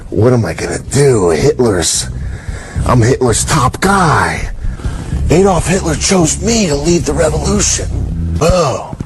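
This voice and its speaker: A man voicing an over-eager male zealot in a loud, mocking put-on. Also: a little high, lively intonation, unhurried, music in the background. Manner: shouting, mocking. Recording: noisy recording.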